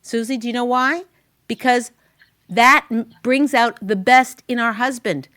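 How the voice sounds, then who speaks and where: A woman hosting a talk show and giving marriage advice to a guest in an animated, chatty, emphatic way. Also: a little high, measured pace.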